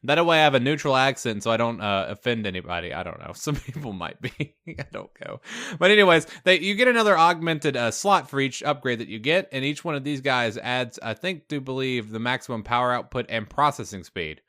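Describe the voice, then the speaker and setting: A man's voice: medium pitch, expressive, brisk, pushed and bright. A young man with a mostly hidden Southern US accent, hosting a casual game let's play and chatting while he plays, thinking aloud. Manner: chatty, upbeat, thinks aloud with fillers and laughs. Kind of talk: casual gameplay commentary.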